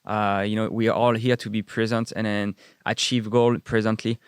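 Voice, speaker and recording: A man's voice: fairly low pitch, level tone, normal speed, clear, resonant tone, no echo, studio quality. A man, a guest chatting casually and rambling with many fillers. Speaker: guest chef. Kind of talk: casual chat.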